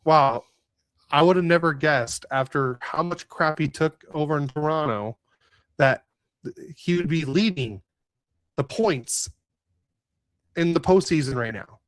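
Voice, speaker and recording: Speaking a little slowly with long pauses, this podcast co-host from Southern California has a voice on the high side. He rambles ruefully through a hockey game recap on a casual sports show, stumbling over fillers and restarts, with no echo in the recording.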